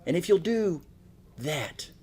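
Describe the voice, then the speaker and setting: A man's voice: on the high side, big pitch swings, slow pace, darkish tone, slightly rough. A man giving a motivational keynote, telling a story and often asking "right?". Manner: storytelling, asks frequent "right?". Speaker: motivational speaker. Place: speaking on stage at an event.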